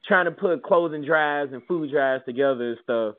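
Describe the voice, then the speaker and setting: Animated storytelling man on a tinny line. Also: on the high side, normal speed. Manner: animated, swearing, mimics people in his stories. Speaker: podcast co-host. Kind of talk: casual storytelling chat. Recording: tinny phone-like audio.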